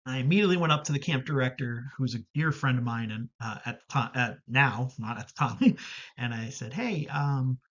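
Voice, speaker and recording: A man shares a heartfelt story in a plain, mid-pitched voice, often pausing to correct himself. The sound is slightly muffled and lo-fi, as if coming through a video call. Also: a bit bright. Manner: candid, reflective, with frequent fillers and self-corrections. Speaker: camp professional telling a story. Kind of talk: personal storytelling talk.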